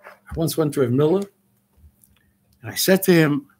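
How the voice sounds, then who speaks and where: Older New radio host, high-pitched and husky, frustrated and ranting, drops Yiddish terms. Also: male voice, normal speed, pauses often, darkish tone. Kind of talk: impassioned radio monologue.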